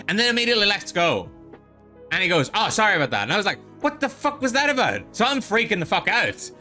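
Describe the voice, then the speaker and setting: A man's voice: on the high side, sharp tone. A man from the Netherlands streaming, telling a story in a profane, exasperated casual rant. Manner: profane, exasperated, lots of restarts.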